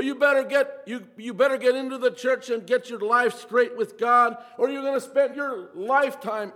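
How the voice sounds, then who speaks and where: Male preacher, high voice, earnest delivery with repeated phrases, long reverb. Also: a bit bright. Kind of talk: sermon.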